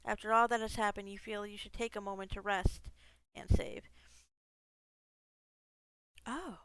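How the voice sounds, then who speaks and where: A woman's voice: mid-range voice, flat delivery, a little slow, a bit bright, clean tone, no echo, poor audio. A woman gaming streamer reading a text game aloud, breaking off into casual asides, swearing freely and laughing at herself.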